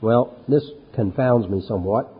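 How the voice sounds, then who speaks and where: A man's voice: fairly low pitch, normal speed, breathy edge. A man preaching an expository sermon, reading scripture aloud with rising force and then commenting in a conversational way. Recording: lo-fi recording with long hall reverb.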